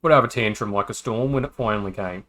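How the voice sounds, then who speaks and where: On his stream, a man reads visual novel dialogue aloud, talking fast in a lowish, slightly bright voice. Between lines he breaks off for casual, joking asides.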